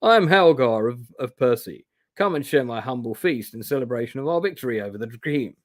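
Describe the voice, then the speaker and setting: A man putting on a hearty, friendly woodsman from a fantasy gamebook, gruff and cheerful, booming out his welcome. The voice is close and dry, with no room around it. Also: lively intonation, fairly quick, dry recording, close to an everyday voice. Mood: jovial. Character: rugged friendly male woodsman, jovial host.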